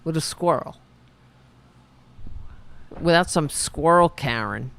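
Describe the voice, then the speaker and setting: A woman hosting a livestream show, telling stories in a sarcastic, animated way with casual profanity. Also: deep voice, slow pace, vocal fry. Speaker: show host.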